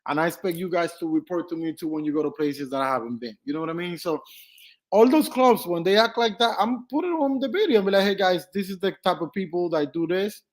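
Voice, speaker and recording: A young man vlogging casually, telling lively stories with swearing and acted-out quotes. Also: sits high, fast talker. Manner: animated, swearing, acts out quotes. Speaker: travel vlogger. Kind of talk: casual storytelling.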